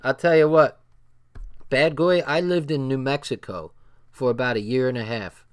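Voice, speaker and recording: A man's voice: mid-range voice, normal speed, clear, resonant tone. A man with a New Jersey accent reading a book aloud on a livestream and commenting bluntly, repeating phrases for emphasis.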